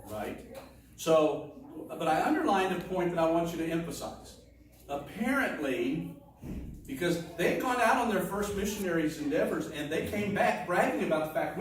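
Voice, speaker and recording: A man's voice: on the high side, expressive, normal speed. A man preaching a sermon in a conversational teaching manner, with asides and restarts. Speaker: pastor. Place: church sanctuary. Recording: echoey room, distant mic, faint noise.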